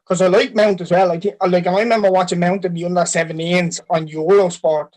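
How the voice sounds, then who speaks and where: Irish guy, very high voice, laid-back football pod chatter. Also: steady tone, brisk, a little mellow, rough recording. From Ireland. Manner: conversational, ends lines with "like". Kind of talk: casual football chat.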